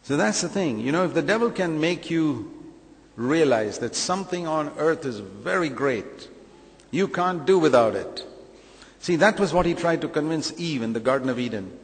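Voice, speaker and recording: A man's voice: fairly high pitch, expressive, moderate pace, long reverb tail. A man preaching a sermon emphatically, full of rhetorical questions and acted-out quotes.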